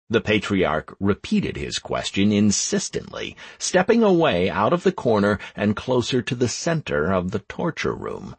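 A man narrating an audiobook in first person, in a wry, expressive way, recorded close to the mic. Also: fairly low pitch, measured pace, vocal fry, hardly any pauses, slightly rough, no room sound.

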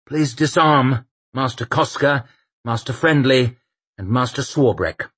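A man voicing a brisk, pragmatic male captain general, speaking matter-of-fact. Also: medium pitch, fairly bright tone, slightly rough, pitched above the performer's own voice.

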